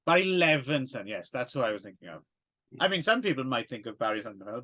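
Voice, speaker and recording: A man's voice: mid-range voice, very animated, fast, pushed and bright. A man co-hosting a casual film podcast, rambling and hesitant with plenty of fillers and self-deprecating asides. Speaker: podcast co-host.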